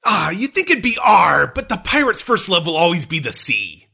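A hammy pirate growls out a pun with a loud, bright, lively delivery, put on by a man mid-podcast. The pitch leaps around as he plays it up. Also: moderate pace, gravelly, breathy edge, full character voice. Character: gruff male pirate telling a pun.

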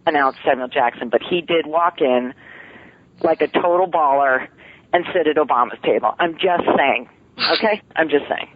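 A woman's voice: sits low, normal speed, a little hiss or hum. A woman voice actress, a guest on an interview show, chatting casually with lots of laughter and self-deprecating humor. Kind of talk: casual podcast interview chat. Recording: tinny phone line, dry.

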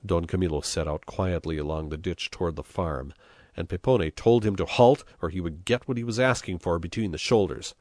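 A man narrating an audiobook at a measured storytelling pace. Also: sits low, darkish tone, no echo, clean studio sound. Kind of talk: scripted narration.

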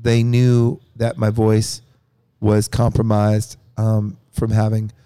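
Man, mellow dark voice, rambling, casual, getting over a cold. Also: lowish voice, monotone, slow pace, smooth, dry recording. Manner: joking, rambling. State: recovering from a cold. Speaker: band member and podcast host. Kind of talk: casual backstage chat.

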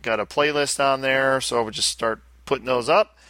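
Bright-voiced Australian man. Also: medium pitch, fairly even intonation, moderate pace, no room sound. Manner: chatty, reads listener mail aloud. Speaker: podcast co-host. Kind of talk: casual podcast chat.

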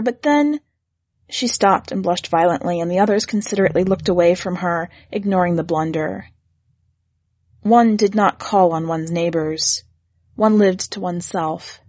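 Female narrator, measured and gently expressive, slightly husky tone, dry booth sound. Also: mid-range voice, no room sound. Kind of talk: scripted story reading.

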